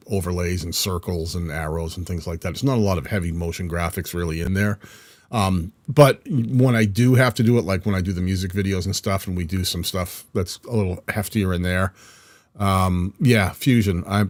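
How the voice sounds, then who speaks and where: Chatty New England man, low voice. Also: no room sound. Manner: chatty and rambling, with frequent restarts. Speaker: video editing channel host. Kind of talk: casual live-stream chat reading comments. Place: home video studio.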